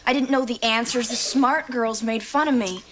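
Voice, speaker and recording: An actress playing a shallow, airheaded teenage daughter in a sitcom. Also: female voice, a little high, fairly even intonation, normal speed, very noisy, lightly acted. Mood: plaintive. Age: teen. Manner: shallow, self-absorbed.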